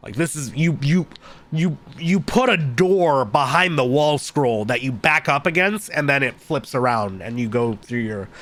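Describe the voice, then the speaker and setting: A man's voice: mid-range voice, a bit bright. A man casually commenting while playing a game, chatty and joking, often stumbling over his words. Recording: background music.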